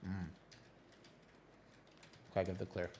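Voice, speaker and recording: A man streaming a game, chatting casually with his viewers in quick, jumpy banter. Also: deep voice, slightly rough. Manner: animated, jumpy banter with chat. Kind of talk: casual chat while gaming.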